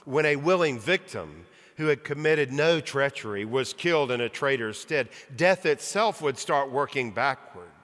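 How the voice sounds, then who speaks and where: A man voicing a great, wise lion in a storybook reading, low and quiet. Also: animated, moderate pace, hardly any pauses, natural voice. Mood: solemn. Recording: long reverb of a large hall.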